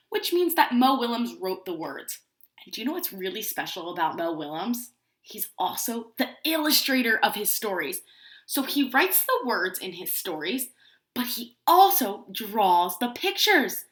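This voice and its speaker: Woman, preschool teacher, storybook read-aloud, asks kids questions, highish voice, echoey room. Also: unhurried. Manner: animated, asking children questions. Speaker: pre-K teacher. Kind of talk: reading a picture book aloud to young children.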